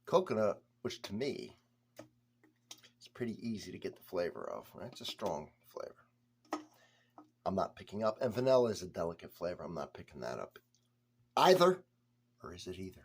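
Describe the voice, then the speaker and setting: A man's voice: low voice, very animated, normal speed, darkish tone, slight background noise. A man reviewing a beer for his vlog, chatty and blunt, talking straight to the viewer.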